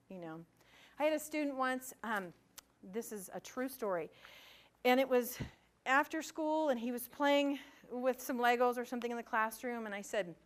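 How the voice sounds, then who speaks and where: Woman, middle-aged, higher-pitched voice, chatty parent-workshop talk, acts out dialogue. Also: expressive, moderate pace. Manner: conversational, acts out quoted dialogue. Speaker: gifted education administrator presenting to parents. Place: school meeting room.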